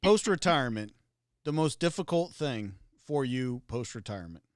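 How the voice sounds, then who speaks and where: A man's voice: medium pitch, big pitch swings, normal speed, clear, resonant tone, no echo. A man hosting a podcast interview in a studio, asking loose, rambling questions. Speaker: podcast host. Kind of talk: casual interview.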